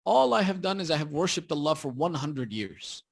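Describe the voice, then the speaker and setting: A man's voice: a little high, very animated, moderate pace, gravelly, pitched above the performer's own voice, heavily acted. A man voicing an old male hermit who pleads and begs for help. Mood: pleading.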